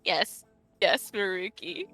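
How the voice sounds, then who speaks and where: A woman's voice: mid-range voice, big pitch swings, takes it slowly, vocal fry, bright, forceful tone, faint music behind. A woman co-player chatting casually during a let's play, giggly and enthusiastic.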